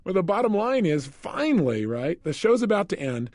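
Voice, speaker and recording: A man talks through a motivational lesson like a story, laughing now and then as he goes. His voice sits a little high and swings widely in pitch. The recording is dry and close, with no room sound. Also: normal speed, no room sound. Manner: animated storytelling, laughing often. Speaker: self-help coach.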